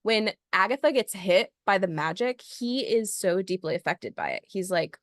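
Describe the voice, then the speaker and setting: A woman's voice: mid-range voice, normal speed, no echo, clean studio sound. A woman co-hosting a podcast, animatedly recapping a film in casual chat. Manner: animated storyteller, recapping scenes with laughter. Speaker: podcast co-host.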